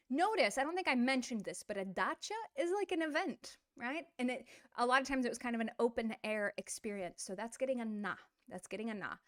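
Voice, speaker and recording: A middle-aged woman teaching an online language lesson, explaining in a playful, animated way with quick asides. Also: a little high, no echo, studio quality.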